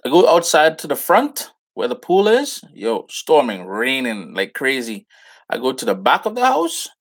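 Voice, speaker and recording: A gravelly-voiced man with a Trinidadian accent hosts a live cooking stream. He talks in an easygoing, casual way and greets viewers by name with Caribbean slang. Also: mid-range voice, huge pitch swings, moderate pace. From Trinidad and Tobago. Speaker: cooking show host.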